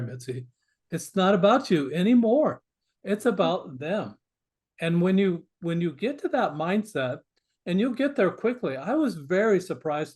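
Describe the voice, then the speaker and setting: A man with a fairly high speaking voice, talking as a podcast guest. He speaks earnestly and with emphasis, and he often stumbles over the first words of a sentence before he finds his point. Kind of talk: conversational interview.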